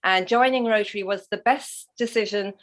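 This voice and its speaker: A woman with an English accent, a guest on a video call, telling her story in a lively way and laughing often. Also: medium pitch, moderate pace. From England. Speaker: guest, Rotary leader. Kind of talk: conversational interview.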